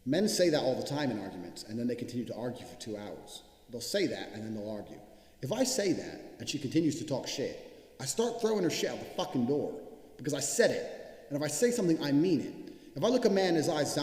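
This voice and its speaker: This motivational speaker's voice is medium-pitched and a little mellow. He's blunt and profane, hammering his points home by repeating them, and the recording has an echoey hall's long reverb.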